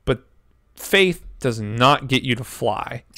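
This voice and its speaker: A man in his twenties telling a story in casual chat, animated, swearing often and acting out quotes. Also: medium pitch, slow pace, no room sound, studio quality. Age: 20s. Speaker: podcast co-host.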